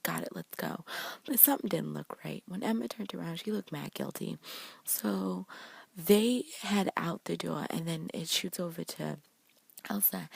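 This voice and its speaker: Gravelly, husky woman recapping fast. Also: fairly low pitch, dry recording. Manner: fast, slangy, animated retelling, paraphrasing characters' lines. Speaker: TV episode recapper. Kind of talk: casual recap vlog.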